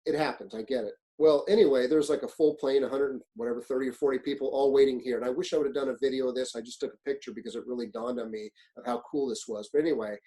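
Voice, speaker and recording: A man's voice: mid-range voice, quick pace, few pauses, rough recording. A middle-aged man giving a webinar on fire service leadership, telling stories in a blunt, profane way and acting out what people said. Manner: animated storyteller, acts out quotes, blunt and profane. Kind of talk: webinar presentation, storytelling. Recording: webinar, own presentation.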